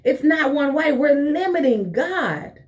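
A woman's voice: sits high, lively intonation, measured pace. A woman preaching a morning sermon on a live stream. She talks in a fervent, conversational way and calls her listeners honey and baby.

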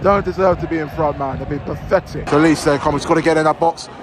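A man reacting live to a football match from the stands, shouting angrily at the referee. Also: fairly high pitch, fast talker. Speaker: football fan vlogger. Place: football stadium stands, outdoors. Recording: loud crowd and noise. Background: roaring crowd.

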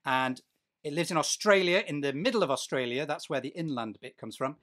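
A man's voice: on the high side, a little fast, fairly bright tone. A man working as a children's storyteller, giving an enthusiastic live online nature talk, reading out the children's guesses, praising them and asking the audience questions.

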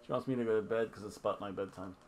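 A man's voice: lowish voice, steady tone, very fast, darkish tone, slight background noise. Rambling man recapping wrestling. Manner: rambling, offhand and jokey, with many fillers and asides. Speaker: wrestling review host. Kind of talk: casual wrestling recap chat.

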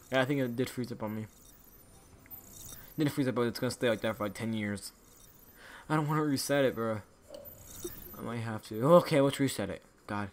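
A man's voice: mid-range voice, brisk, pauses often. A young man hosting his own gaming channel, talking casually and restlessly to his viewers while opening supply drops. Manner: chatty, restless, talks to viewers as "guys".

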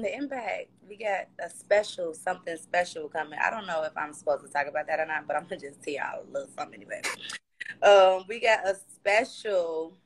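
A young woman, a reality show guest talking candidly and loosely in a casual livestream interview over a phone. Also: on the low side. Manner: candid, loose, animated with slang. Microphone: phone on a live video call.

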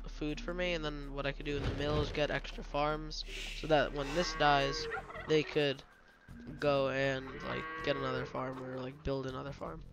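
Nursing a slight cold and coughing now and then, a young gaming-channel host casually talks through a strategy game as he plays, explaining along the way and tripping over his words. His voice is medium-pitched, with a level tone and moderate pace.

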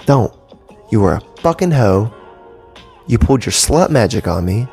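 A man's voice: fairly low pitch, sing-song, moderate pace, pauses often, a little mellow, soft background music. Blunt, profane man rambling on a podcast. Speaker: podcast host. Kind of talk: casual solo podcast rant. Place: home studio with cables. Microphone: podcast mic.

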